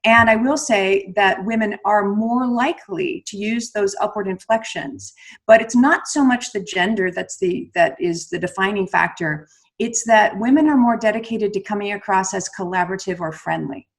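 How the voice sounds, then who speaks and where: A middle-aged woman, a communication coach, explaining calmly in an interview and ending her statements on a downward tone. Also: medium pitch. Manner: measured, explanatory, ends statements with downward inflections. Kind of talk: conversational interview.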